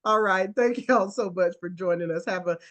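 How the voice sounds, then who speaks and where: A woman hosting an online applicant support call, talking in a lively, folksy way that urges listeners on. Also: on the low side, fairly quick. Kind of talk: casual encouraging video call. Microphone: video call.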